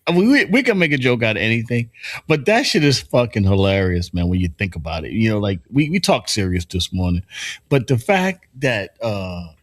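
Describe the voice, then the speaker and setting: A man's voice: on the low side, very animated, normal speed. A man hosting a morning talk show, telling loose, profane stories and laughing often. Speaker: show host. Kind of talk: casual morning show banter.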